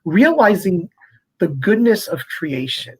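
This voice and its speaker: A man's voice: sits high, big pitch swings, a little slow, a little mellow, low-quality recording. A middle-aged man, a priest, talking earnestly and reflectively in short phrases during an interview. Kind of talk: conversational interview.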